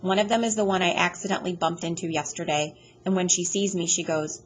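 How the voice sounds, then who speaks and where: A woman reading a first-person audiobook chapter aloud in a plain, steady storytelling manner. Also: on the low side, fast talker, hardly any pauses, slight background noise, low-quality recording. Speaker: audiobook reader.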